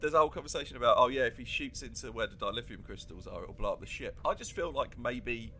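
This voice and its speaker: An English man co-hosting a podcast, talking in a halting, animated way and laughing a lot. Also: mid-range voice, a little hiss or hum. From England. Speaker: podcast co-host. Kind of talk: casual chat.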